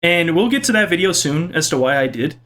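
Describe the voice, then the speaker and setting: A man's voice: lively intonation, fairly bright tone. Playful young man with a raised voice. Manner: playful, self-mocking, quick swings in pitch. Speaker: YouTuber reading viewer comments. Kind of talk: casual vlog commentary. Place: home kitchen.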